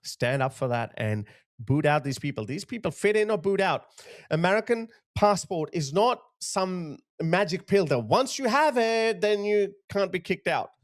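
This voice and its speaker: A man with a fairly high voice delivers fired-up commentary to camera. He hammers his points with repetition and sounds openly indignant. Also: animated, moderate pace. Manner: emphatic, indignant, repeats phrases for force. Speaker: political commentator. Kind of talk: impassioned video commentary.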